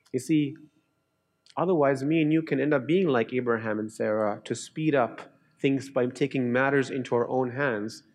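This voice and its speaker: A middle-aged pastor from Canada preaching a sermon in an earnest way, rising into lively storytelling and dropping into quiet, low emphasis. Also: male voice.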